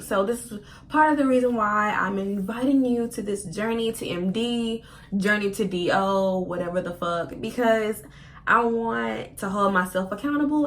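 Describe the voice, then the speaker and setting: A woman in her twenties telling a story on her vlog, casual and profane, acting out her own quoted words, at times close to tears. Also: slight background noise. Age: 20s. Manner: casual, profane, expressive with slang; acts out her own quoted lines with big pitch jumps. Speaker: vlogger.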